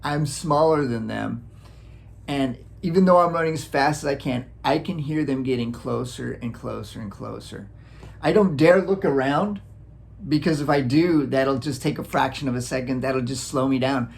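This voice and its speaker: A man from Wisconsin casually telling a childhood story, animated, acting out sounds and chuckling often. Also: mid-range voice, normal speed, vocal fry. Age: adult, looking back on childhood. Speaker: vlogger.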